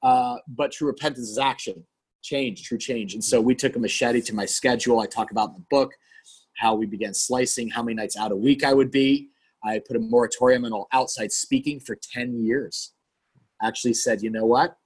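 Husky-voiced pastor in his forties. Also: medium pitch, a little fast. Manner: earnest, animated, acts out quoted dialogue. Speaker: pastor, podcast guest. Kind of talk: candid conversational storytelling.

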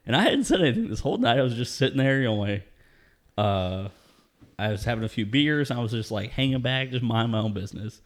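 A man's voice: mid-range voice, lively intonation, fast talker. A man casually telling a story in conversation, laid-back and profane, often breaking into laughter.

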